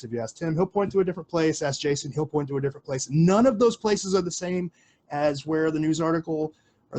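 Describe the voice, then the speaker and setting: A man's voice: fairly high pitch, a little mellow, slight background noise. A man hosting a casual livestream Q&A, rambling with lots of fillers and offhand swearing. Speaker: livestream host answering questions.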